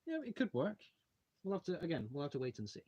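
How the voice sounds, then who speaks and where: A man's voice: on the high side, sing-song, quick pace, mellow, slightly rough, lo-fi sound. A young man hosting a casual livestream, rambling as he takes brick models apart and reads out viewer questions. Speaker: channel host live streaming a brick-model build. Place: home hobby room, taking models apart at a desk.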